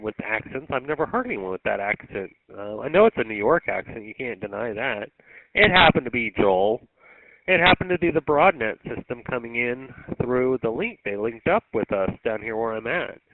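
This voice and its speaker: A man's voice: mid-range voice, dry recording. Man hosting a radio net over tinny audio. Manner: rambling, folksy, lots of ums and uhs. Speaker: net control host of a radio net. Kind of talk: casual on-air radio chat.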